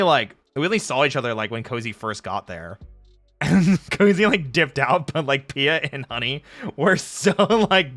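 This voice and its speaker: A man streaming casually, chatting with viewers in an animated, jokey way and laughing often. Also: mid-range voice, no room sound. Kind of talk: casual live-stream chat answering viewers. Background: faint background music.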